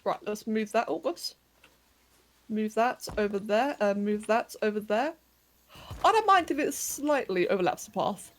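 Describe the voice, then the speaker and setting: A woman's voice: medium pitch, expressive, measured pace. A young woman chatting casually with viewers on a game livestream, giggling often as she works. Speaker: game streamer. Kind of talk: casual livestream chat while playing a game. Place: home bedroom.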